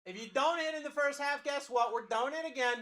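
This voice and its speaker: Hyped man hosting a card break stream. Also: very high-pitched. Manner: energetic, talks fast to chat, calls out players. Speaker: card break livestream host. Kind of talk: hyped live-selling patter.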